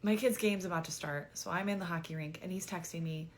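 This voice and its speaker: A woman's voice: on the low side, fast talker. A woman vlogger telling a dating story in a chatty, exasperated way, full of "like" and casual swearing.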